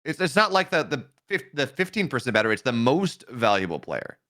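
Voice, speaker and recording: A man's voice: mid-range voice, sing-song, brisk, pushed and bright. A man in a casual esports chat, arguing with incredulous sarcasm.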